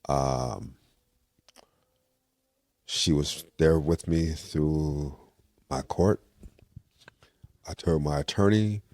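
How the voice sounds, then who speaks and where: Older male interview guest with a very deep voice, recorded dry; tells stories with lively acted-out dialogue. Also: no room sound. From California. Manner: lively storyteller, acts out quoted dialogue. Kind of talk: casual storytelling interview.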